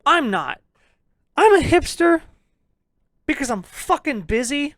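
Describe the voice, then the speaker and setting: A young man co-hosting a podcast, ranting loudly and swearing in a jokingly abrasive way, laughing as he goes. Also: very high-pitched, big pitch swings, slow pace, long pauses, no echo, studio quality. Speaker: podcast co-host. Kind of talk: casual ranting review chat.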